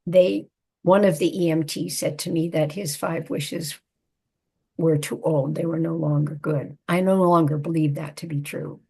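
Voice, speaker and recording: An older woman, a psychotherapist and author, telling a personal family story in a measured, reflective way. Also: low voice, steady tone, gravelly, a little mellow, breathy edge.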